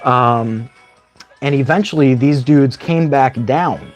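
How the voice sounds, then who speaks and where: A man casually spinning a long story on his live stream, rambling and checking in with "right?" as he goes. His pitch sits in an ordinary middle range. Faint music plays softly behind him. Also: slow, highs cut off. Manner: rambling, tags lines with "right?". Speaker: livestream host.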